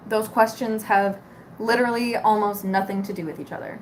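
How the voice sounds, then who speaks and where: A woman's voice: medium pitch, steady tone, a little fast, a little hiss or hum. A woman in her twenties ranting casually, exasperated, sarcastic and full of swearing. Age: 20s. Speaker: cosmetics store worker. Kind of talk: casual venting rant.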